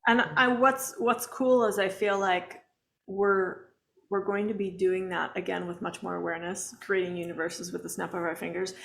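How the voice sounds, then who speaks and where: A woman's voice: medium pitch, steady tone, moderate pace, gravelly. A woman co-hosting a casual spiritual chat, enthusiastic and blunt, swearing now and then. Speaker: co-host.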